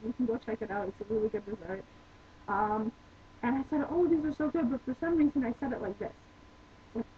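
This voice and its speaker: A young woman vlogging, telling her own embarrassing stories in a rambling, chatty way full of "like" and restarts. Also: fairly high pitch. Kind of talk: casual storytelling vlog. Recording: tinny phone-like sound with faint noise.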